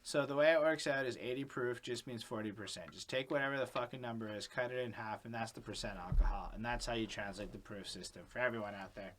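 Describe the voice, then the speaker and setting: A man's voice: medium pitch, fast, hardly any pauses, fairly bright tone, slight background noise. A man hosting a podcast in casual chat, blunt and profane, explaining things at length to his cohosts. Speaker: podcast host.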